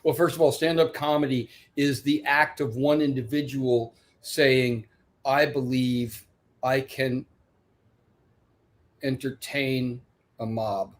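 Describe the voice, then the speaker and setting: Man, mid-pitched voice, punchy drawn-out emphasis, casual panel talk. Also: steady tone. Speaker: comedian, panelist.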